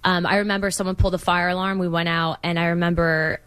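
A woman's voice: fairly low pitch, flat delivery, fast talker, fairly bright tone, smooth. A young American woman, a guest on an interview show, telling personal stories in a rambling, casual way with many fillers and frequent laughs. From United States. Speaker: congressional candidate, guest.

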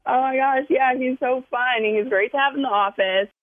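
A woman's voice: high voice, moderate pace, no echo, narrow, tinny audio. A woman guest on a morning radio show, talking about a coworker in a chatty, giggly way. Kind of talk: radio chat.

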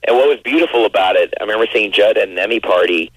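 Husky man rambling through an interview. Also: on the low side, rapid-fire, no echo, rough recording. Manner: rambling, full of restarts and you-knows. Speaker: actor guest. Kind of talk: casual interview chat.

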